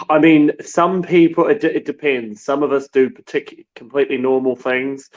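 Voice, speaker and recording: A man from New Zealand, a war correspondent, telling stories in a relaxed, halting way. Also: mid-range voice, highs cut off. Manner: relaxed storytelling with many restarts. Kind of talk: casual remote interview.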